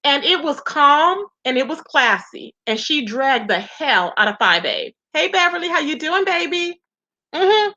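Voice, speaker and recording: A high, bright woman's voice comes through dull, lo-fi stream audio. She gossips in a loose, chatty way and keeps greeting viewers. She calls the audience "baby" and "y'all". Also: big pitch swings, measured pace. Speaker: livestream commentary host. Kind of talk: casual livestream gossip commentary.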